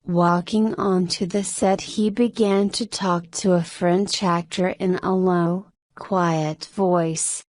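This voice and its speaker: A woman reading a novel aloud as scripted narration for English learners, in a slow, measured way. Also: fairly low pitch, fairly even intonation, darkish tone, dry recording, studio quality.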